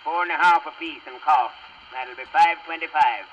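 A man's voice: on the high side, normal speed, slight background noise, lightly acted. A man playing an impatient small-town judge with brusque, dry wisecracks, on a muffled old record.

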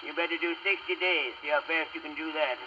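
A man's voice: a little high, steady tone, fairly quick, very noisy, lightly acted. A man playing an impatient small-town judge with brusque, dry wisecracks, on a muffled old record.

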